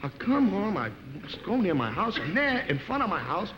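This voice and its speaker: A comedian delivering a monologue as an exasperated husband, in an old television broadcast. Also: male voice, moderate pace, hardly any pauses. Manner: exasperated, animated storytelling with big pitch swings. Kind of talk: comic monologue. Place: television studio stage. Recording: 1950s television broadcast, hall reverb, noisy.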